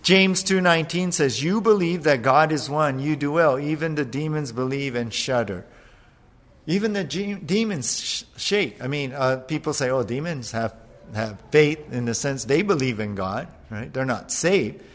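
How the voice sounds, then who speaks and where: A man preaching a sermon as pastor, animated, acting out voices as he retells a passage. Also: fairly high pitch, normal speed. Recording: long hall reverb.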